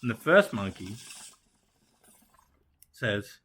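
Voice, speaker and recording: A man co-hosting, telling jokes slowly and deadpan and firing skeptical questions in casual banter. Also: a little high.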